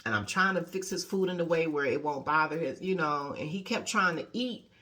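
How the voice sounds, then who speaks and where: Animated woman life coach talking casually. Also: brisk. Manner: animated storyteller, acting out quotes with big pitch jumps; conversational, many "you know" and "okay?" tags. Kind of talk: casual motivational talk.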